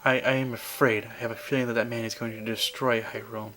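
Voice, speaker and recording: An earnest young princess speaks gravely and formally, as a man reads her lines. She delivers game dialogue with quiet determination. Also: medium pitch, little pitch movement, fast, a little hiss or hum, close to an everyday voice, rough recording.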